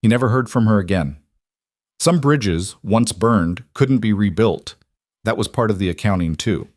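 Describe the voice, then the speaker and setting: A man narrating a dramatic story in a steady, measured, scripted way. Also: lowish voice, no room sound, studio quality.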